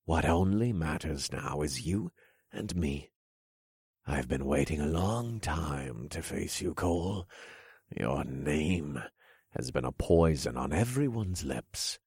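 A man voicing a taunting elderly male king who speaks in a slow, low, mocking drawl with chuckles. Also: darkish tone, slightly rough, dry recording, clean studio sound, full character voice.

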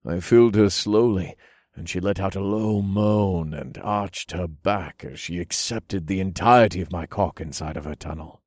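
A man narrating a first-person erotic story in a low, breathy, intimate way. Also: moderate pace, a little mellow, dry recording, studio quality.

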